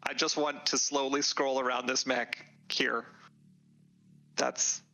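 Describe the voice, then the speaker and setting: A man's voice: medium pitch, flat delivery, slow, gravelly, bright, forceful tone, low-quality recording. A man chatting casually while playing, often restarting his sentences.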